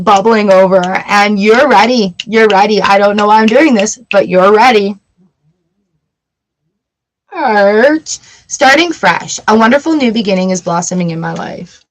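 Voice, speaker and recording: A middle-aged woman hosts a live tarot stream in a loose, chatty way, often breaking into giggles. Her voice sits at an ordinary middle pitch for a woman. She talks straight to her viewers as she reads out the cards. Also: lively intonation, a little slow, pauses often, poor audio. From Canada. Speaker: tarot reader livestream host.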